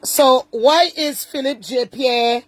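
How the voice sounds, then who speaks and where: A woman's voice: high-pitched, slow pace, no room sound. A woman giving casual, indignant commentary from home and repeating her points for emphasis. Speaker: online commentator.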